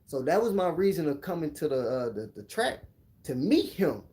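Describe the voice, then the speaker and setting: A man's voice: fairly high pitch, very animated, moderate pace, mellow. A man casually telling a personal story on his channel, laid-back and full of slang. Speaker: vlogger.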